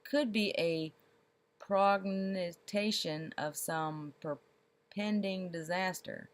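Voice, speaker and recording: Brief: woman playing a bony, fussy storybook councilor, drawn-out and full of doubt. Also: lowish voice. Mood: pedantic. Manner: slow, wordy and doubtful. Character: thin, doubtful, pedantic male councilor.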